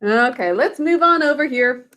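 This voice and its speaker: A woman's voice: high voice, expressive, moderate pace, a bit bright. A woman teaching a reading and spelling lesson over a video call, sounding out words syllable by syllable and encouraging her pupils.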